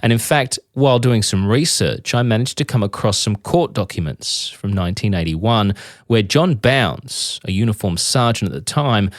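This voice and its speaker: Man, podcast host, scripted narration, low pitch, dry. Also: no room sound.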